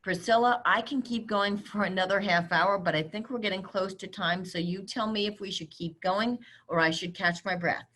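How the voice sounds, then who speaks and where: A middle-aged woman giving a webinar talk, handing out brisk, direct advice. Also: medium pitch, fairly bright tone. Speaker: webinar speaker on cybersecurity. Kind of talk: webinar presentation.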